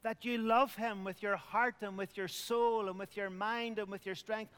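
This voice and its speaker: A man's voice: sits high, fairly even intonation, normal speed, fairly bright tone, clear, resonant tone, in a large hall. A middle-aged man preaching a communion sermon, earnest, dropping to a near whisper at tender points. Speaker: pastor.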